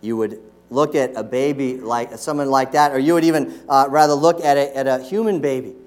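A man's voice: mid-range voice, fairly quick, a little mellow. A middle-aged man preaching a sermon in a church, talking with his congregation through rhetorical questions and now and then acting out scolding voices. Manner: acts out scolding voices to make a point. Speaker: pastor. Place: church sanctuary.

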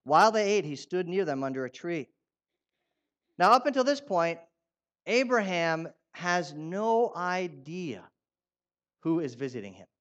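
A man's voice: high voice, measured pace, pauses often. Lo-fi man preaching conversationally. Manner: conversational, asks the audience questions, animated when reading quotes. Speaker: pastor. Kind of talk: sermon.

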